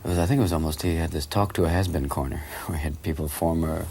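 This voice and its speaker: Very deep fast-talking man. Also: a little hiss or hum. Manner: animated, fast storytelling. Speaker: interviewee. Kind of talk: interview reminiscence.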